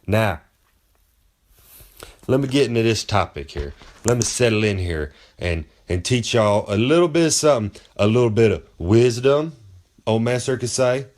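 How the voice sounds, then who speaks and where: A man's voice: fairly low pitch, animated, moderate pace, a little mellow. A man giving a comic, boastful monologue. He rambles in a folksy way and talks about himself in the third person. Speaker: wrestler giving comic advice.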